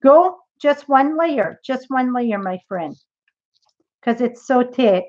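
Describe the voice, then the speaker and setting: A woman's voice: high voice, animated, slow, a little mellow, muffled recording. A woman demonstrating a craft project in a live tutorial, chatty and thinking aloud as she works.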